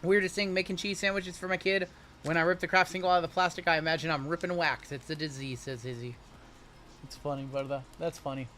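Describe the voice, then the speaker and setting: Upbeat high-voiced man hosting card breaks. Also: steady tone, fast talker, sharp tone, a little hiss or hum. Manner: jokey, upbeat banter. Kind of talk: livestream card-opening commentary.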